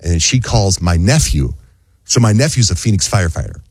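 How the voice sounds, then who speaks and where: A man's voice: brisk, slightly rough, dry recording, studio quality. A man in a casual chat, telling a story animatedly and acting out other people's lines in a raised voice. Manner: animated storyteller, acts out quotes in a high voice.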